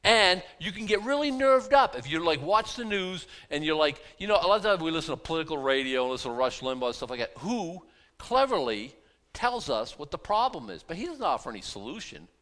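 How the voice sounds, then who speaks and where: A pastor preaching a sermon in a conversational, animated way, full of rhetorical questions. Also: male voice, on the high side, brisk.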